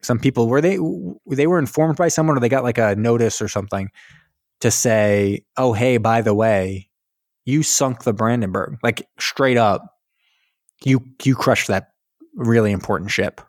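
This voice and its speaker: A man's voice: medium pitch, normal speed, no room sound, studio quality. A man on a podcast retelling a war film in casual chat, acting out characters' lines, swearing and laughing. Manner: animated storytelling, acts out lines, swears and laughs. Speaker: podcast co-host.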